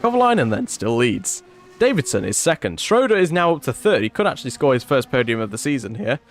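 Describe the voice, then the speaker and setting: A man commentating a racing game on a casual livestream, chatty and rising in excitement when incidents happen. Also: medium pitch, fast, faint music behind. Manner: chatty, rises excitedly at incidents, asides to chat.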